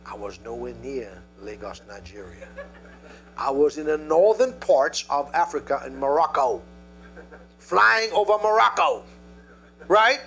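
A male preacher delivering a sermon, telling a story and calling out to the congregation in an animated way. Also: fairly high pitch, measured pace, gravelly, faint music behind.

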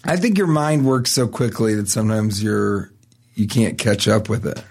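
A man's voice: lowish voice, normal speed, vocal fry, darkish tone. A man co-hosting a comedy podcast, telling silly stories and acting out lines playfully. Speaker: podcast co-host. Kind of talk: casual comedic chat.

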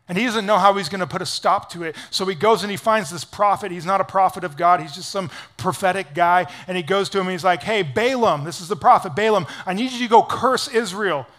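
Man, pastor, sermon, high voice, lively casual storytelling. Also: quick pace, hardly any pauses. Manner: energetic, casual storytelling with lots of "like".

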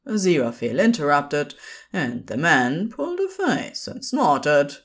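A woman with a lowish voice reads a story aloud, taking her time and letting her pitch rise and fall expressively. Her narration is unhurried and warm in pace, with a lively melodic shape. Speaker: podfic reader.

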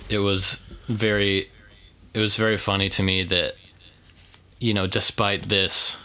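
Pria santai yang suaranya cerah. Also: male voice, on the low side, flat delivery, measured pace, sharp tone, clean tone. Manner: rambling, filler-heavy, dry joking. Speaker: podcast co-host. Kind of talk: casual movie review chat.

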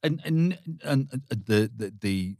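A man's voice: fairly low pitch, lively intonation, unhurried, warm tone, no room sound, studio quality. A man co-hosting a podcast, telling stories in casual chat, teasing and often restarting his sentences. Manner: teasing storyteller, many restarts. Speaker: podcast co-host.

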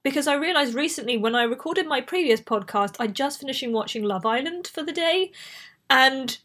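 A woman's voice: sits high, expressive, fairly quick, fairly bright tone. A woman from Bristol with a light Bristolian accent, hosting a casual solo podcast while she has a cold, chatty and prone to tangents. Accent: light Bristolian English. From Bristol, England. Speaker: podcast host.

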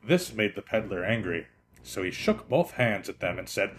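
Lively man reading a children's storybook. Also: lowish voice. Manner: expressive, lively, slowing for effect. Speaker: podcast host reading children's stories.

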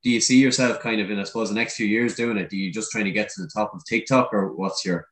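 A man's voice: fairly low pitch, steady tone, fast, fairly bright tone. A man interviewing a guest in a loose, chatty way with casual swearing. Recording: echoey room.

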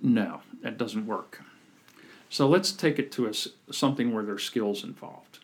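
Husky man telling animated stories. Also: fairly low pitch, measured pace. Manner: animated storyteller, acts out quoted people. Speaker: podcast guest, communication coach. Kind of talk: casual storytelling chat.

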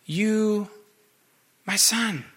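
A man's voice: fairly high pitch, expressive, measured pace, pushed and bright. A man voicing a loving father in a retold story, pleading and tender.

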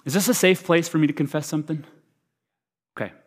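Male preacher with a high voice, humorous and energetic, moving from big hype to near-hush; in a large auditorium. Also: fast, breathy edge. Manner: energetic and humorous, swinging from loud hype to hushed, quiet delivery. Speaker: pastor. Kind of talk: sermon. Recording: reverberant hall.

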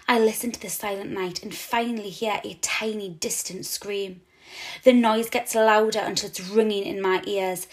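A woman teacher narrates a children's storybook aloud. Her reading is expressive and dramatic, leaning into each twist of the story. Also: medium pitch.

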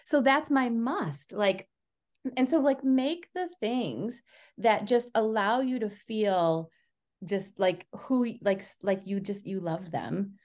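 A woman's voice: medium pitch, takes it slowly. A woman researcher who studies education, speaking in an earnest, casual interview manner and using a lot of "like" fillers. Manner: earnest, filler-heavy, says "like" often; animated storyteller. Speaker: education researcher, podcast guest.

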